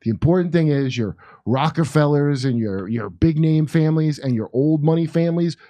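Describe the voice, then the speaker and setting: A man's voice: fairly high pitch, normal speed, dark tone. A man co-hosting a casual political chat, rambling and sarcastic, with mocking asides. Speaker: co-host.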